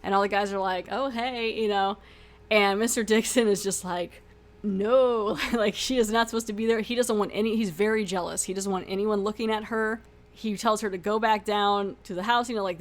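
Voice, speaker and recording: A young woman hosting a podcast who animatedly retells a TV episode, acting out the lines and often laughing. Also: medium pitch. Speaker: podcast host. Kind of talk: casual episode recap review.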